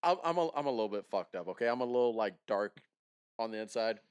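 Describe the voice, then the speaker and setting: A man with a smooth, clear voice, recorded dry and close, chatting casually on a podcast. He tells stories with deadpan dark humor. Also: fairly low pitch, fast talker, no room sound. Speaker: podcast co-host. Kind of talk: casual chat.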